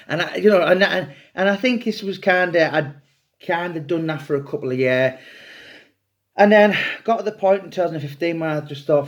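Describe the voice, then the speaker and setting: A man's voice: a little high, moderate pace. A middle-aged man and author talking casually and at length, rambling and chatty with some swearing. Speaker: true crime author. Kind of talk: casual monologue to camera.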